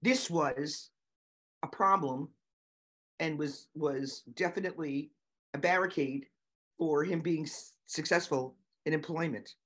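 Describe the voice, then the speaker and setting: A middle-aged woman, a guest on an interview show, telling lively stories with many fillers and giving emphatic advice. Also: sits low, a little slow. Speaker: guest, nonprofit founder and autism parent. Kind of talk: conversational storytelling interview.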